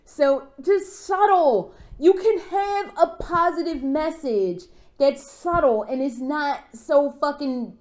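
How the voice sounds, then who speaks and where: A woman vlogger in a rambling, profane, animated rant, full of fillers and restarts. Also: high voice, takes it slowly. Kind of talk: casual rant.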